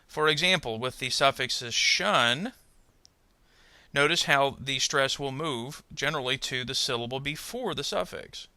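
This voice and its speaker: A man narrating a pronunciation lesson, speaking carefully and modelling example words slowly. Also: mid-range voice, sharp tone, dry recording. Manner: slow, careful, modelling word stress. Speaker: ESL pronunciation teacher. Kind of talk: scripted instructional narration.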